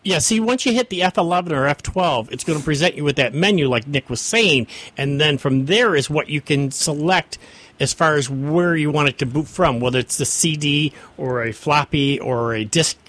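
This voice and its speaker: A man's voice: fairly high pitch, normal speed, fairly bright tone. A man who runs a computer service, chatting on a radio tech show in an easygoing, enthusiastic way and stumbling over word starts. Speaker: computer service owner and regular guest. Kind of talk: casual radio call-in chat.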